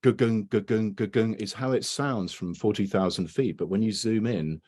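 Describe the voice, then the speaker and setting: A man's voice: fairly low pitch, expressive, normal speed, a little mellow, husky. A man giving a casual academic talk over a video call, rambling and tagging his points with "right?" and "you know". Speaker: lecturer.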